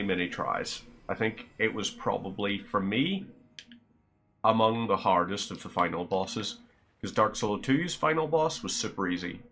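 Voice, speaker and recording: A man's voice: on the low side, a bit bright. A man with a Northern Irish accent chatting casually to his viewers while streaming a game, rambling and friendly. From Northern Ireland.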